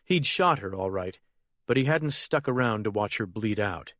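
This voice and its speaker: Reading from a crime thriller, this male audiobook narrator keeps a steady, measured pace in his scripted delivery. His voice sits on the low side, and the studio-quality audio carries no echo.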